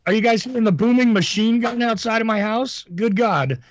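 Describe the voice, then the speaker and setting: A man's voice: high voice, brisk, a crowd in the background. A man co-hosting a casual call-in show from home, rambling and teasing with jokes. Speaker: co-host, timekeeper. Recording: dull, lo-fi remote line.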